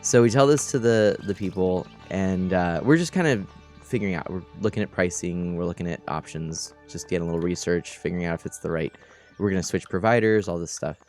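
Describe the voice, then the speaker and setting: A tired man casually chatting on a gaming stream, telling stories in a rambling, animated way and laughing often. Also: low voice, brisk, faint music behind. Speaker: streamer and game host.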